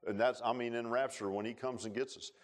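A man preaching a sermon in a church, telling stories in a folksy way and swinging between loud rises and quiet low passages. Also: fairly even intonation, a little fast. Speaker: pastor. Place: church sanctuary.

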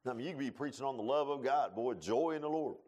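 A man preaching a folksy sermon, telling stories and building to loud emphatic points. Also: mid-range voice, fast talker. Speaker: pastor.

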